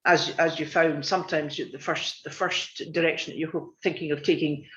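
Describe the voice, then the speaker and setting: A man chairs an online meeting with a fairly high voice, friendly and unhurried as he thanks one speaker and brings on the next. His audio comes through dull and muffled, like a low-quality video call. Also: level tone, fairly bright tone. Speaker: session chair.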